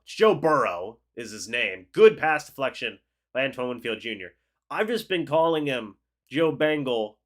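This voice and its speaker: A young man hosting a live football reaction stream, calling the plays and chatting with viewers in an excitable, talkative way. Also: mid-range voice, moderate pace. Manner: excitable, chatty, reads chat aloud and calls plays. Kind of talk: live game reaction with play-by-play and chat replies.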